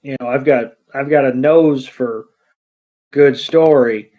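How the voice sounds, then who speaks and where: A man co-hosting a podcast, recapping a film in unhurried, halting, casual narration. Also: medium pitch. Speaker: podcast co-host. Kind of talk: casual movie recap chat. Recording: dull lo-fi podcast audio.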